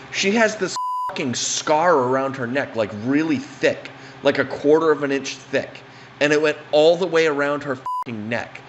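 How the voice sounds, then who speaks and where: A man's voice: medium pitch, highs cut off, a little hiss or hum. A man telling a funny anecdote in a rambling, profane, casual way. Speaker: storyteller.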